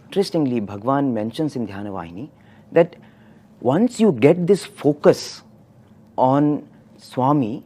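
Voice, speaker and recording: A speaker in a devotional discussion, telling a personal story with lively retold dialogue. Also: medium pitch, measured pace, pauses often, breathy edge.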